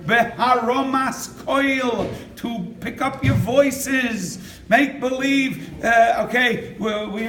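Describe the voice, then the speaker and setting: An older man preaching as a rabbi, animated, acting out quotes and laughing as he tells stories. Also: very high-pitched, a little hiss or hum. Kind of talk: sermon with storytelling. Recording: echoey room from far off.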